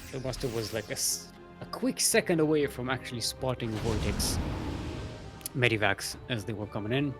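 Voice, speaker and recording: A man's voice: medium pitch, moderate pace, over music. A man casting a live strategy game match, chatty and self-mocking with trailing fillers. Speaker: esports caster.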